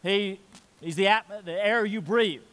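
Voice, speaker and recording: Emphatic high-voiced preacher in a hall. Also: male voice, unhurried. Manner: emphatic preaching, swings loud and soft. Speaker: pastor. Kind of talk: sermon. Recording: long hall reverb.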